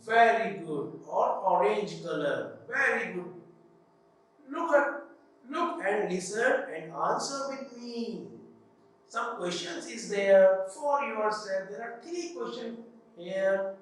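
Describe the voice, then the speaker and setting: A man with a Pakistani English accent teaching a slow, patient English lesson to children, asking questions and answering them himself. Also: sits high, lively intonation, fairly bright tone, far from the mic. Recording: very echoey room, voice from off-mic.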